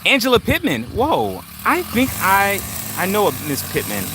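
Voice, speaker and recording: A middle-aged man with a somewhat high voice hosts a casual live stream from his yard, holding the phone himself. He rambles easily, with plenty of fillers, and greets viewers one by one. Passing cars and engines rumble clearly behind him. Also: huge pitch swings, normal speed. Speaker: channel host. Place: outdoors in a yard. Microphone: handheld phone. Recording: outdoor traffic and engine noise.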